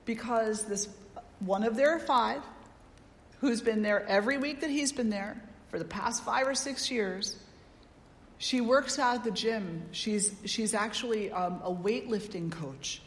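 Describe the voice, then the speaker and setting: A woman spiritual teacher giving a satsang talk, a lively storyteller who acts out the people she quotes. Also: on the high side, measured pace. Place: yoga ashram hall. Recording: roomy hall with long echo.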